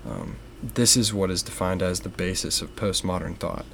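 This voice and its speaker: A young man co-hosting a faith podcast, explaining ideas in a measured way with frequent fillers. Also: low-pitched, vocal fry, a bit bright, a little hiss or hum. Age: young adult. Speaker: podcast co-host. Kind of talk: casual faith discussion.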